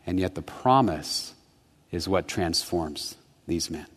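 A man preaching a sermon, telling a childhood story, swinging from hushed, slow reflection to quick, animated retelling. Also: deep voice, breathy edge. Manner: storytelling, rising to animated intensity then dropping soft. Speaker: pastor. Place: church sanctuary. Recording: long church reverb.

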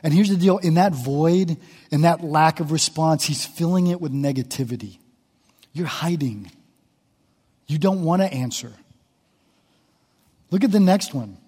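Man, pastor, impassioned sermon, mellow tone, long echoing reverb in a church. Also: a little high, unhurried, pauses often, breathy edge. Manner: impassioned, dramatically voicing the psalmist's laments. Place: church sanctuary.

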